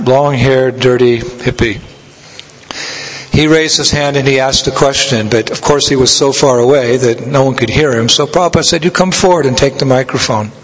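A man giving a scripture lecture as a spiritual teacher, telling stories in a measured way and laughing now and then. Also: medium pitch, fairly bright tone. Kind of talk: sermon. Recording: long hall reverb.

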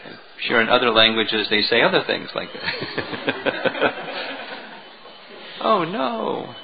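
A man lecturing as a spiritual teacher, retelling a devotional story in an animated way, on a dull lo-fi recording. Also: lowish voice, unhurried, creaky, a crowd in the background. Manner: animated storytelling, chuckling at moments.

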